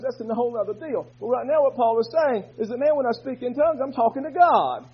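Fervent high-voiced husky male preacher. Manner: fervent, swings from quiet talk to shouting. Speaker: pastor. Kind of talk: sermon. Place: church. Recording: dull lo-fi recording.

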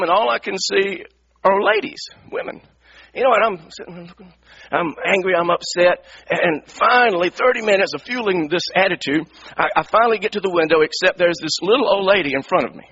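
Middle-aged male pastor, high bright husky voice, animated sermon storytelling, lo-fi radio sound. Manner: animated, repeats words, acts out his own anger. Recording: dull lo-fi radio broadcast.

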